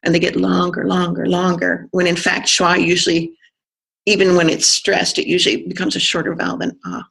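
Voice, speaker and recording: Gravelly, bright-toned accent coach. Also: mid-range voice, monotone. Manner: thoughtful, pauses with fillers, sounds out vowels to demonstrate. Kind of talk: conversational explanation of pronunciation.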